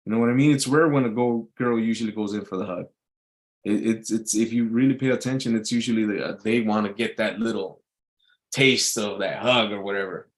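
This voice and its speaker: A man's voice: lowish voice, fairly even intonation, brisk. A man hosting a show, giving blunt, profane advice in a casual rant, often asking "you know what I mean". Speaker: show host.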